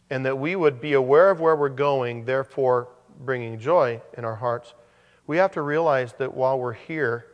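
Brief male pastor, mid-pitched, relaxed preaching with wry asides, long hall echo. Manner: conversational, joking asides. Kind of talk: sermon.

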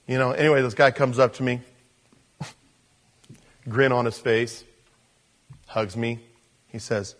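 A man preaching a sermon as pastor, swinging between loud emphasis and quiet asides. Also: mid-range voice, fairly even intonation, moderate pace, pauses often.

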